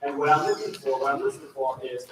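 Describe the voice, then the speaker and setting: A man directing a choir rehearsal, giving energetic coaching instructions and demonstrations to the singers. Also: medium pitch, fast, slight background noise. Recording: echoey room, mic far off, faint ambience.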